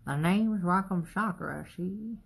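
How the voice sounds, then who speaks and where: A man's voice: high voice, moderate pace, creaky, husky, full character voice. A man voicing a brash old-time male Chicago gangster with a put-on Chicago accent and wisecracking tough-guy patter.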